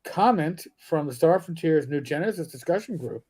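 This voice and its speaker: A man's voice: fairly high pitch, animated, normal speed, a little mellow, slightly rough. A man and former police officer co-hosting a casual livestream discussion, joking and skeptical.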